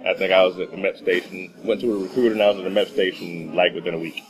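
Animated, lower-voiced man telling a story. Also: rapid-fire, poor audio. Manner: animated, laughs often, acts out scenes. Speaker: guest. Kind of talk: casual storytelling.

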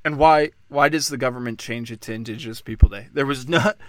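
A man delivering a profane, sarcastic political rant, swinging between loud outbursts and low muttering. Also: fast, hardly any pauses, dry recording. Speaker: political commentator.

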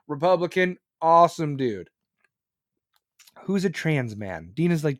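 A man's voice: a little high, unhurried, long pauses, dry recording, studio quality. A male podcast host ranting about politics in a blunt, profane, heated way. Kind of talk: opinionated political rant.

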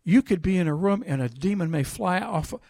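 A man delivers a sermon in a somewhat high voice, recorded close and dry with almost no room sound. He reads scripture loudly and emphatically, then drops into a quiet, conversational tone to tell a story from his own ministry. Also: a little fast, vocal fry, dry recording. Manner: animated, swings between loud emphatic reading and quiet storytelling. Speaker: preacher.

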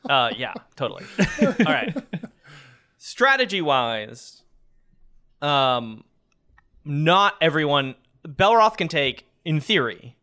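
A man chats at a tabletop game, laughing as he works out strategy. His voice is bright and forceful and moves over a wide range of pitch, sitting a little high. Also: sing-song, takes it slowly, long pauses, clean tone. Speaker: player. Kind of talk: casual tabletop game chat.

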